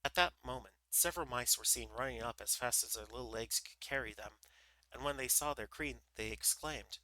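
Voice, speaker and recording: Streamer reading a story aloud, very bright voice, stumbles a bit. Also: male voice, medium pitch, normal speed, no echo, low-quality recording. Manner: relaxed, with small slips and restarts. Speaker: livestream storyteller. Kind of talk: reading a children's book aloud.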